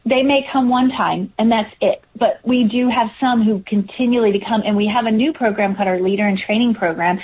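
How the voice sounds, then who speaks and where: A woman's voice: on the high side, brisk, few pauses, breathy edge. A woman guest talking earnestly about her camp work, with many fillers and restarts, heard over a video call. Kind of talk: casual interview talk. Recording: tinny phone-like call line.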